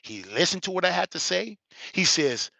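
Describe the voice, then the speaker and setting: A man in his forties, an elder, telling a personal story with emphatic rhetorical questions and building toward near shouting. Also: high-pitched, very animated, moderate pace, vocal fry, dry recording. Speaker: elder giving a reaction commentary. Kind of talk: animated personal storytelling commentary.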